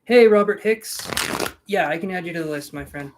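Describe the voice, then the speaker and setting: A man's voice: high voice, normal speed. A man giving live tarot readings, chatting casually, calling out viewers' names and joking between cards. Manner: chatty, reads viewers' names aloud and jokes. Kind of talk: casual live-stream chat.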